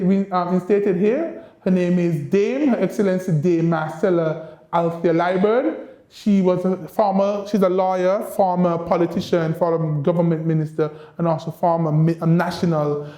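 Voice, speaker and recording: A man speaks with a high, mellow voice, giving a university lecture. He coaxes his listeners like a schoolteacher, and the room adds a roomy echo. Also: normal speed. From Saint Kitts and Nevis. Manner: lively teacherly delivery, coaxing the audience to repeat phrases. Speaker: ambassador giving a guest lecture.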